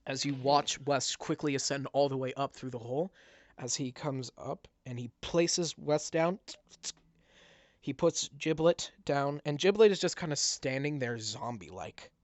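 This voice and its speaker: A man's voice: medium pitch, lively intonation, unhurried, no echo. A man narrating a tabletop game as game master, telling the story with frequent restarts.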